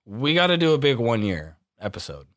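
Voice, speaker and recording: A man's voice: medium pitch, big pitch swings, a little fast, fairly bright tone. A man co-hosting a podcast in casual chat, blunt and swearing freely. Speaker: podcast co-host.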